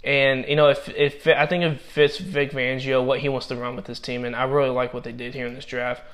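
A man giving casual commentary and grades on football draft picks, talking haltingly with many restarts while he is losing his voice. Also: mid-range voice, little pitch movement, fairly bright tone.

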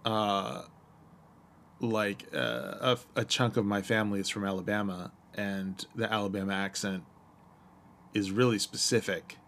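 A man's voice: fairly low pitch, steady tone, a little slow, a bit bright, a little hiss or hum. A man chatting casually, thinking aloud in a hesitant way as he searches for words. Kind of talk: casual chat.

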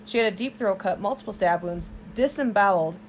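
A young woman co-hosting a casual true-crime podcast, telling the story in an animated way with swearing and side remarks. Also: mid-range voice, fairly quick, a little hiss or hum. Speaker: podcast co-host.

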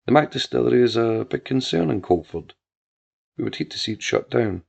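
A man's voice: mid-range voice, expressive, brisk, vocal fry, breathy edge, heavily acted. Man doing a cold menacing lawmaker. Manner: cold, emotionless, threatening. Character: cold emotionless male lawmaker in shadow. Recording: dull lo-fi with faint music.

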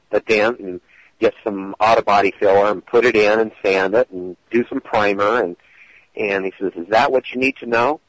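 A man with a fairly low voice tells stories in a relaxed podcast chat, trailing off into hesitations and acting out the quotes. The sound is dry and close, with a dull, muffled quality. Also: dry recording. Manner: rambling, with many hesitations and acted-out quotes. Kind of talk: casual podcast storytelling.

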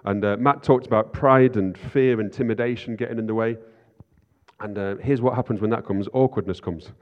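A man's voice: lowish voice, moderate pace. A man preaching an informal sermon, chatty and self-deprecating, often asking "right?". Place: church hall. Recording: lo-fi sound in a reverberant hall.

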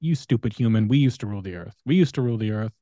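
A man's voice: on the low side, animated, racing, mellow, no room sound, studio quality, close to an everyday voice. A man voicing gloating lizard beings. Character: boastful alien lizard beings, male, menacing.

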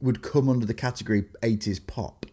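Excitable man chatting. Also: medium pitch, fairly quick, breathy edge. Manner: excitable, exclaims a lot. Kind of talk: casual chat.

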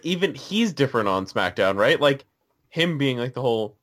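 A man's voice: mid-range voice, animated, moderate pace, fairly bright tone. A man co-hosting a casual podcast chat, loose and chatty, asking questions and laughing often. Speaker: podcast co-host.

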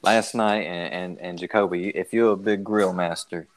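Low-voiced laid-back man. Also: steady tone, normal speed, a little hiss or hum. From North Carolina. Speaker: podcast host. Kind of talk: casual chat.

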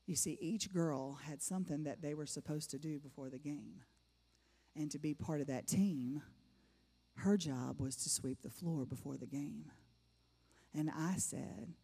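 A woman's voice: low-pitched, moderate pace, mellow, slightly rough. A middle-aged woman giving a personal testimony to a church congregation, emphatic and repeating phrases for effect. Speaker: church speaker. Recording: long reverb of a large hall.

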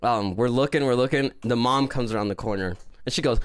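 A man co-hosting a podcast, telling animated stories and acting out the people in them. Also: mid-range voice, fairly quick, clean tone. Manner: animated storyteller who acts out voices. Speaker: podcast co-host. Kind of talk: casual chat.

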